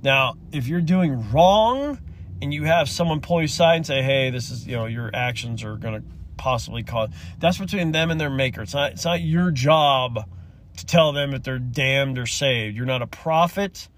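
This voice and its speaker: A man's voice: mid-range voice, expressive, moderate pace, slight background noise. A man hosting a solo rant, talking in an impassioned, rambling way, swearing and choking up as he goes. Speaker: podcast host.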